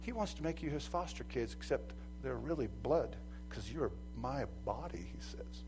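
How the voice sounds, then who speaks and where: A man preaching a sermon as pastor, animated, acting out quoted voices and swinging from loud to soft. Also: mid-range voice, normal speed, over music, low-quality recording. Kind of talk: lively sermon.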